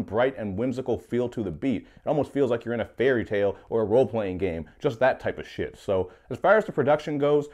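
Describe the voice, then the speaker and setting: A young man giving a casual rant review of a mixtape, joking and swearing with animated asides. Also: medium pitch. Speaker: music reviewer.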